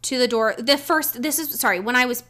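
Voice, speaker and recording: A Canadian woman co-hosting a podcast, retelling a trip story in a casual, profane, animated way. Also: a little high, fairly quick. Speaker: podcast co-host.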